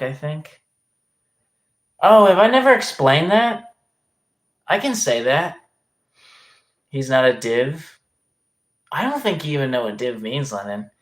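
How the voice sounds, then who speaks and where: A man chatting casually on a livestream, reading comments aloud in a rambling, hesitant way and swearing often. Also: mid-range voice.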